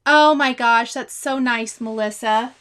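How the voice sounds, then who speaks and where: A woman's voice: a little high, unhurried, a bit bright. A woman in her forties hosting a cross-stitch livestream, chatting casually and reading viewers' comments with frequent laughs and exclamations.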